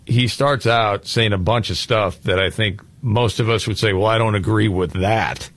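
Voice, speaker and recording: A man's voice: on the low side, moderate pace, a bit bright. A male talk show host giving sarcastic commentary on video clips he plays. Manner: sarcastic interjections, laughs at clips.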